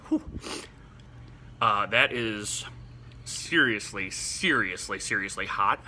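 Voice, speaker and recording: A man filming himself through a spicy food challenge, teary and runny-nosed, talking in halting bursts broken by gasps and exclamations. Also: on the low side, sharp tone, slight background noise. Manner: halting, breathless exclamations between short remarks. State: eyes watering, nose running, in pain from spice. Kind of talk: casual on-camera commentary.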